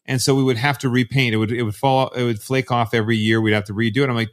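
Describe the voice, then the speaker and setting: A man's voice: medium pitch, steady tone, fast, few pauses. A man from Canada, a podcast guest telling rambling stories with frequent restarts. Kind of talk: casual interview storytelling.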